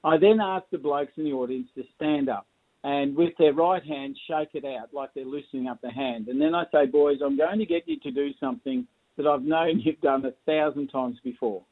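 An Australian man speaks as a guest consultant, spinning jokey stories and laughing at his own lines. His voice sits a little high. It comes through a thin, phone-like line. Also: animated, moderate pace. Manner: jokey, chuckling storyteller. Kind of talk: casual interview storytelling.

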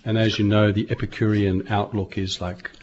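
A man's voice: fairly low pitch, little pitch movement, moderate pace, a little mellow. A man co-hosting a radio chat, making dry, wry, pedantic interjections. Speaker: radio show co-host. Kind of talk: casual chat. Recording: dull lo-fi radio recording.

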